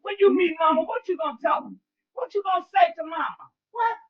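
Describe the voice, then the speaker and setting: A woman preaching in a rousing call-and-response style, shouting exclamations to her listeners. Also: very high-pitched, animated, a little fast. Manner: exclamatory, shouts "What?" and "Woo". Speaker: spiritual motivational speaker. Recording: lo-fi with faint music.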